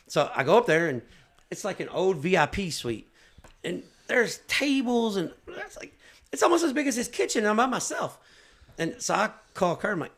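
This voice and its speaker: A man, a race announcer, telling stories casually, with frequent stammering restarts and animated retelling. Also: high-pitched, normal speed, vocal fry. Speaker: race announcer, podcast host. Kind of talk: casual storytelling chat.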